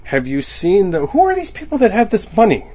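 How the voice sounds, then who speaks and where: A man's voice: sits high, huge pitch swings, fairly quick, mellow. Rambling man joking through a monologue. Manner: rambling, self-interrupting, laughs at own jokes. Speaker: comedian podcaster.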